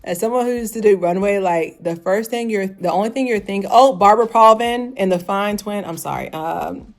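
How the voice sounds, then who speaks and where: A woman's voice: mid-range voice, normal speed, gravelly, hardly any pauses. A woman in her thirties giving a casual, rambling review, full of "like" and frequent laughter. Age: 30s. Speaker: fashion show reviewer.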